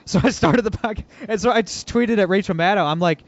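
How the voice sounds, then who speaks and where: A man hosts a political podcast in a fairly high, animated voice, quick to mock and laugh. The audio sounds dull and lo-fi. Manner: animated, mocking, laughs often. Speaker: podcast host. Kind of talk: casual political podcast chat.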